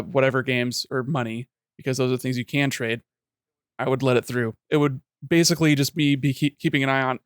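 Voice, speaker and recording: Male podcast co-host, mid-pitched, easygoing and a bit hesitant, dry close mic. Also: smooth, dry recording. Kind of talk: casual chat.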